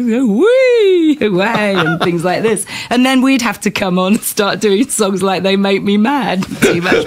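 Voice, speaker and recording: A woman in her fifties tells tour stories in a loose, lively way. She laughs a lot, keeps a wry edge, and her voice sits in an ordinary middle register. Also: mid-range voice. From England. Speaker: guest singer. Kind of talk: conversational interview.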